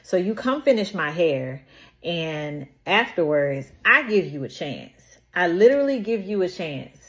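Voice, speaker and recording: A woman's voice: fairly low pitch, sing-song, measured pace, fairly bright tone, dull audio. A young woman casually recounting a story, emphatic and repeating herself for effect.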